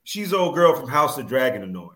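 A man riffs crudely in a casual recap conversation, swearing freely and laughing often. His pitch swings widely as he talks, lively and animated. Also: brisk, roomy sound. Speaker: guest co-host. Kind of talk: casual chat.

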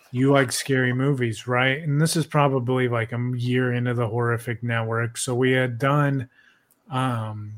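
A man's voice: medium pitch, a little hiss or hum. A young man hosting a podcast, chatting casually in a laid-back, rambling way with lots of swearing. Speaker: podcast host.

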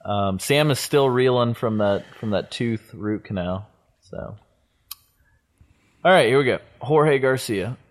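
A man's voice: mid-range voice, unhurried. A man hosting a podcast in casual chat, joking and mock-apologetic, reading listener mail aloud and swearing casually. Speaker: podcast host.

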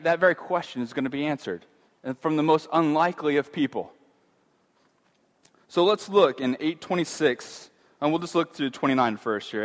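A middle-aged teacher talks through the Bible in a relaxed, conversational way, frequently restarting and using fillers. Rising pitch marks the fearful voices he acts out, all recorded with long hall reverb.

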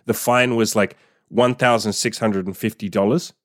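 Man, low voice, swears a lot, dry close sound. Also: steady tone, normal speed, no room sound. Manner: profane, blunt, laughs often. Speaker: podcast host. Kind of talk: casual monologue.

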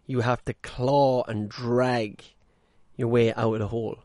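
A man talks straight into the mic, blunt and unfiltered, dropping curses as he goes. His voice sits at a middle pitch. The sound is close and dry, with no room echo. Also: level tone, a little slow, warm tone. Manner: blunt, swears freely, mimics people in mocking voices. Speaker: podcast host. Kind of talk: casual monologue podcast. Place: caravan.

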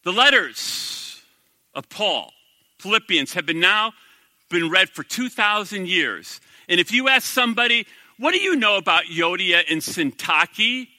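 A middle-aged male pastor preaching a sermon in a conversational, animated way, full of rhetorical questions to the congregation. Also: high-pitched, measured pace, no room sound.

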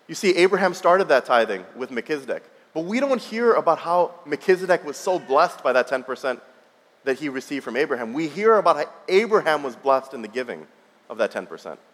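A man in his thirties preaching a sermon, telling a personal story in a conversational way with frequent restarts. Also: on the high side. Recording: long reverb of a large hall.

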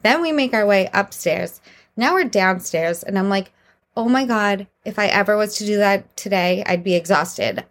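A woman's voice: medium pitch, moderate pace. A young woman hosts her own podcast and tells embarrassing dating stories in a casual monologue. She talks candidly and with a lot of animation, and laughs often as she goes. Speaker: podcast host.

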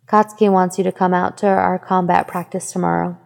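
Lady voicing a sweet teasing young woman, low and mellow, a bit gravelly. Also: flat delivery, a little fast, long reverb tail. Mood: cheerful.

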